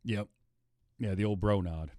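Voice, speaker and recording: A man's voice: fairly low pitch, steady tone, measured pace, dark tone. A man hosting a podcast, chatting casually about a film and acting out his own reactions as he tells it. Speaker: podcast host.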